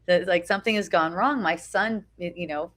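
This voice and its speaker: On a phone live video, a middle-aged spiritual teacher with a lowish voice speaks at normal speed to a small group outdoors at a beach. Her informal talk is conversational, peppered with "right?", sentence restarts and casual swearing.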